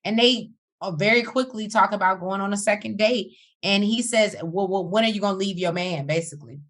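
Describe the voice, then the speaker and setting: A woman co-hosting a casual podcast, recapping a reality show with a sassy, animated manner. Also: medium pitch, fairly quick. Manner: animated, sassy, breaks into song and laughter. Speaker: podcast co-host.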